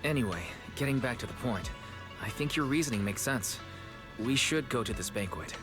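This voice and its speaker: An actor playing a polite, thoughtful junior disciple in a game. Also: male voice, medium pitch, animated, normal speed, over music, natural voice. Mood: earnest. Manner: polite, reasoned. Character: earnest young male junior disciple, thoughtful. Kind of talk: game voice acting.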